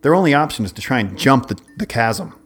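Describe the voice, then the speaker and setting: A man's voice: mid-range voice, animated, quick pace, a bit bright, husky, faint music behind. A man in his forties, a podcast co-host, telling a long rambling story in casual chat, often breaking off and restarting. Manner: rambling, self-interrupting storyteller.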